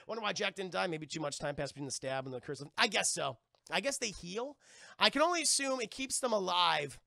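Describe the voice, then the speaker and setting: Gravelly, bright-voiced young man. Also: high voice, brisk, no echo. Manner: animated, profane, acts out lines in put-on voices. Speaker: streamer retelling a film to chat. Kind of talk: casual chat.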